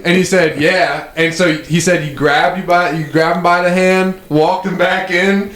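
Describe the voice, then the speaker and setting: A man's voice: high-pitched, fairly even intonation, measured pace, a bit bright. A man on a podcast telling a rambling, casual anecdote with fillers. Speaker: podcast co-host.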